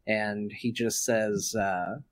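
A man playing a tabletop game, describing his character's actions deliberately and hesitantly, with many fillers. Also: on the low side, steady tone. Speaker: player.

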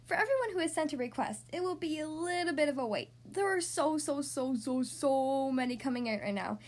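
A woman who hosts a podcast reads a picture book aloud to small children. Her voice is high and swings widely in pitch as she goes. She speaks in a friendly, animated way. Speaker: podcast host reading to kids. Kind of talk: storybook read-aloud.

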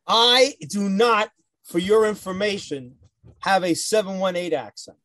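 A man from New Jersey with a Jersey accent, co-hosting a podcast in an animated, joking, argumentative way. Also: high voice, measured pace, no echo. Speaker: podcast co-host. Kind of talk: casual podcast chat.

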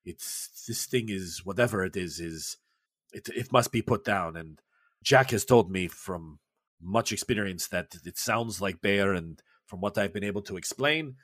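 A man voicing a scheming male Soviet official, speaking slowly and deliberately. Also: sits low, fairly bright tone, no echo, clean studio sound, pitched below the performer's own voice.

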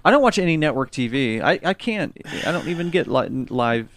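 A man's voice: fairly high pitch, sing-song, a little fast, fairly bright tone, a little hiss or hum. A man co-hosting a casual podcast, chatty and full of questions. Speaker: podcast co-host. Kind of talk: casual chat.

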